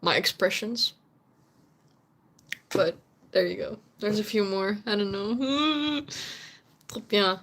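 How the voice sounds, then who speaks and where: A woman's voice: mid-range voice, takes it slowly, pauses often, fairly bright tone, slight background noise. A young Dutch woman, whose first language is Dutch, chatting casually with viewers on a stream, laughing often and sometimes searching for English words. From Netherlands.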